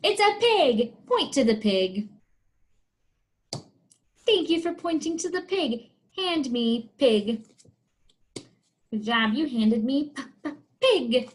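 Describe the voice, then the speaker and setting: Slow sing-song woman teacher. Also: a little high, expressive. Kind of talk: teaching demonstration for young students.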